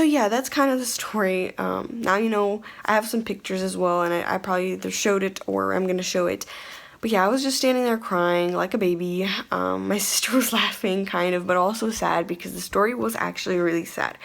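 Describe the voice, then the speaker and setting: A young woman chats straight to her viewers in a casual storytime. She rambles and restarts, leaning on "like" as she goes, and her voice has a creaky, gravelly edge at a medium pitch. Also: a bit bright. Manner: rambling, many "like" fillers and restarts. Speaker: vlogger.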